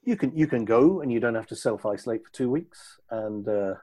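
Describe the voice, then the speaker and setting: A man's voice: medium pitch, lively intonation, fairly quick, dark tone, husky. An Irish man chatting as a guest on a podcast over a video call, with a dry, sardonic way of talking.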